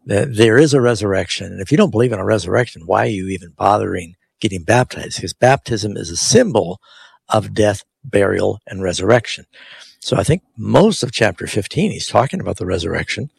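A man's voice: on the low side, animated, brisk, gravelly, slightly rough, no room sound. A man who is a pastor hosting a live Bible call-in radio show, explaining scripture and reading verses aloud with emphasis.

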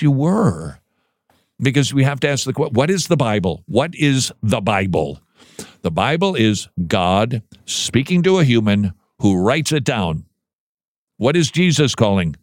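A man's voice: medium pitch, dry recording. Dry-sounding man with stammered restarts. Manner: conversational, frequent stammered restarts and repeated words. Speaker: host of a Christian commentary show. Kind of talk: reading news aloud and commenting.

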